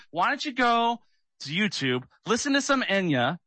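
Forceful, higher-voiced male talk radio host on a sarcastic rant, dry studio sound. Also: sing-song, normal speed, no echo. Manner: agitated, sarcastic, keyed up.

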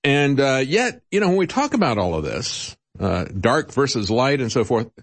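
A man's voice: medium pitch, very animated, normal speed. A man hosting political commentary, talking in a sarcastic, mocking way with chuckles and many "uh" fillers. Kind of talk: opinionated radio-style commentary.

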